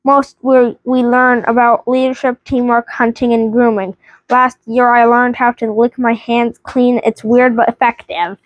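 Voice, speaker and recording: A woman's voice: on the high side, flat delivery, measured pace, no echo, lo-fi sound, natural voice. A woman reading the lines of a polite, curious boy hero from a storybook, repeating and correcting herself. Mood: explaining. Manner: read aloud with stumbles and restarts.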